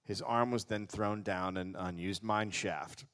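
Deadpan man narrating history on stage. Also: fairly low pitch, unhurried. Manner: deadpan storytelling, reading out quotes. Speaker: podcast host telling the history story. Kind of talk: live comedy podcast narration.

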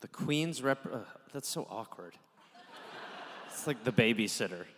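A man co-hosting a comedy podcast live, reacting with quick, laughing, profane banter. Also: mid-range voice, animated, fairly bright tone, in a large hall, slight background noise.

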